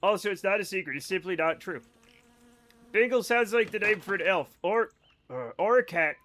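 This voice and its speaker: A man's voice: high-pitched, lively intonation, normal speed, bright, forceful tone. A young man streaming a game, joking and rambling with his chat, often breaking into giggles. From Scotland. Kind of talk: casual livestream chat while gaming.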